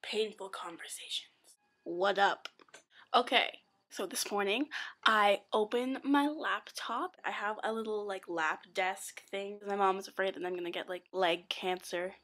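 A teenage girl rambles giddily from one random thought to the next, talking into a laptop webcam. Her voice is bright and forward, sitting at a middling pitch for a woman, and she sounds like she's chatting at home in her bedroom. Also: a little slow. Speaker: vlogger. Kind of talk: casual vlog chat.

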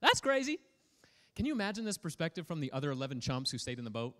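Lively high-voiced male preacher. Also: fast. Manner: energetic, playful, prods the audience for feedback. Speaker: pastor. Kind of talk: sermon.

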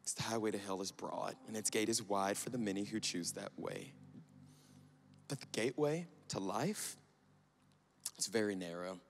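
A man preaching an impassioned sermon to students, urging them on, then dropping to a hushed whisper. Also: fairly low pitch, normal speed, gravelly, long pauses, slight background noise. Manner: urgent, swinging from loud exhortation to hushed whisper. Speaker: youth preacher.

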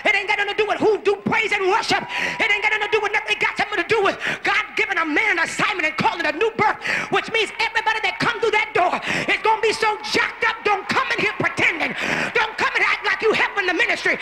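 A woman preacher delivering a fiery sermon in a large church, swinging from shouted declarations to low murmurs and driving her points home with folksy, repetitive questions. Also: fairly even intonation, fast, few pauses.

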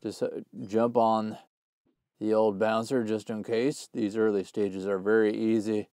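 A young man giving casual gameplay commentary, full of slang, who often bursts into loud screams and laughter. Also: fairly low pitch, unhurried, no echo, studio quality. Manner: hyped, yells and screams when excited, slangy. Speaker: gaming YouTuber.

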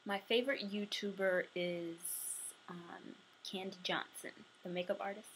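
A young woman chatting casually to camera, answering questions for a tag video, sometimes dropping to a soft murmur. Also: mid-range voice, fairly even intonation, unhurried, a little hiss or hum, poor audio. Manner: chatty, drifting between soft murmurs and bright bursts.

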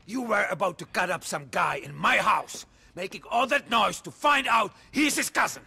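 A man voicing a volatile, contemptuous mob boss with a gravelly, husky voice, in a video game cutscene. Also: high-pitched, expressive, normal speed, bright, forceful tone, full character voice. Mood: furious. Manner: explosive, contemptuous.

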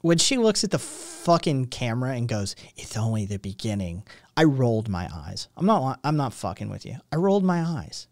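A man's voice: mid-range voice, sing-song, normal speed, hardly any pauses, no room sound, studio quality. Profane rambling man on a stream. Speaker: stream host. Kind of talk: casual ranting stream chat.

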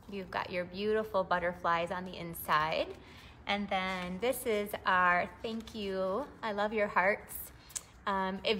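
Middle-aged woman craft demonstrator, bright and gushing, faint room hiss underneath. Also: medium pitch. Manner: chatty, bubbly, gushing. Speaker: papercraft demonstrator. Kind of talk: live-streamed craft demo.

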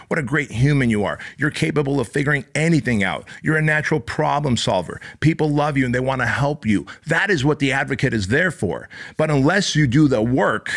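Middle-aged male host, blunt and profane motivational speaker, mid-pitched voice, punchy delivery. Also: gravelly, a bit bright. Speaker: podcast host. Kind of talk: motivational monologue.

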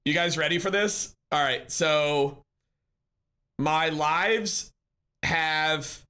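A man chatting casually on a live stream, upbeat and talkative as he answers his viewers by name. His voice sits slightly high for a man, with a crisp, bright edge.

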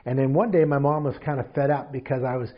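A man in his fifties from Marin County, California, telling stories as an interview guest in a lively, animated way. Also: medium pitch, fast, lo-fi sound. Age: 50s. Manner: animated storyteller acting out quotes. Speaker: guest, mental toughness trainer. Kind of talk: casual interview storytelling.

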